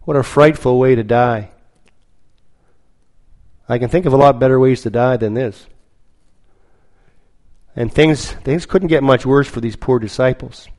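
A man preaching a sermon, telling a story slowly and dramatically, with lots of repetition. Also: medium pitch, a little mellow, poor audio.

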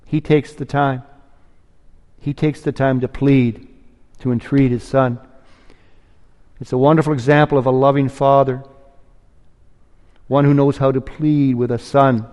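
A man's voice: mid-range voice, level tone, measured pace, long pauses, darkish tone, long reverb tail. A man preaching a sermon, earnest and pleading, rising to emphatic peaks.

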